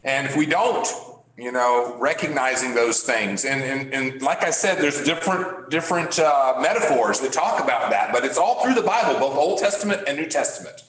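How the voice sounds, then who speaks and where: A man leading a Bible class discussion, halting and repeating words as he asks the class questions. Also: medium pitch, lively intonation, fairly bright tone, a little hiss or hum. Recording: echoey room.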